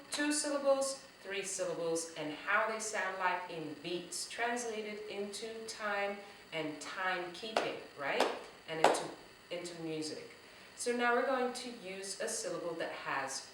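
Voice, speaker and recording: A woman teaching a drumming lesson to young children, slow and encouraging, talking straight to the kids. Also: medium pitch, lively intonation, very noisy. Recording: echoey room, voice from a distance.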